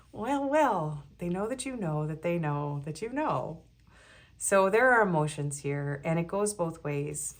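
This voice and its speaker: A woman with a fairly low voice chats her way through a pick-a-card tarot reading. She rambles, giggles often and leans on fillers as she goes. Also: lively intonation, takes it slowly, pauses often. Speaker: tarot reader.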